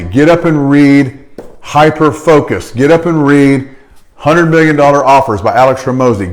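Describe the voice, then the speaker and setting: A middle-aged man delivers a motivational talk in a blunt, emphatic way. His voice sits at an ordinary middle pitch, and he talks straight at the listener with a preachy edge. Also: darkish tone. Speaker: chiropractor and practice coach.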